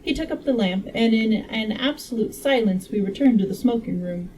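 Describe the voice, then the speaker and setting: A woman reading a classic novel aloud in a casual style, steady but given to joking asides. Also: a little high, moderate pace, distant mic, background noise. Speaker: audiobook reader. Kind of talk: casual read-aloud narration.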